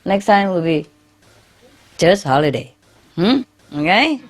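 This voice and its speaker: A spiritual teacher gives an informal talk to her followers, chatty and often laughing, ending phrases with "yeah?" Her English is a second language, with non-native grammar and many fillers and restarts. Her voice is lowish and animated, slow-paced, with a slight hiss or hum.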